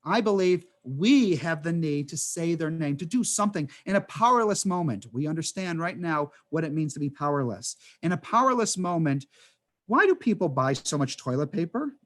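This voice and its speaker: High-voiced rabbi teaching over video call. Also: male voice, moderate pace. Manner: animated storytelling with rhetorical questions and asides. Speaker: rabbi teaching an adult education class. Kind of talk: conversational class talk over video call.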